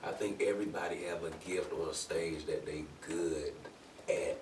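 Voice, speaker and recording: A man's voice: low voice, fairly even intonation, normal speed, a little mellow, a little hiss or hum. A man, a guest comedian, talking in a laid-back, drawling, colloquial way in casual podcast chat. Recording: roomy, distant mic.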